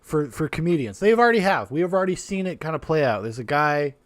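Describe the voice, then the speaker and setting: A man hosting a podcast, casually reacting with animated, profane, rambling commentary. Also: a little high, fast, no room sound. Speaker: podcast host.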